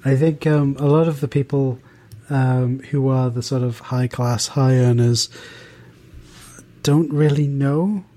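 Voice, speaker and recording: A man's voice: mid-range voice, fairly even intonation, slow pace, mellow. Uk man, podcast co-host, casual and thoughtful, keeps circling back to his point. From United Kingdom. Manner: thoughtful, rambling with many restarts and fillers.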